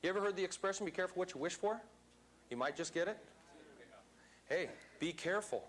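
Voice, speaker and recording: A man's voice: high-pitched, expressive, fast, fairly bright tone. A man giving a motivational seminar talk to a live audience in a seminar room, speaking emphatically and quizzing the crowd.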